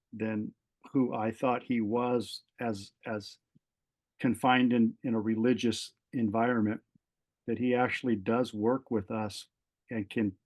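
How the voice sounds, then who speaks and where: A middle-aged man, a retired fire captain, telling a personal story as a podcast guest, acting out the dialogue with many fillers and restarts. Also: lowish voice. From California. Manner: animated storyteller, voices quoted dialogue, frequent fillers and restarts.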